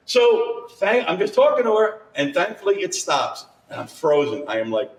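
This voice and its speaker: A man telling a ghost story to a live audience, animated and laughing through his own tale. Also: fairly high pitch, normal speed. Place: curiosity shop event with live audience. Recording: echoey room, far from the mic.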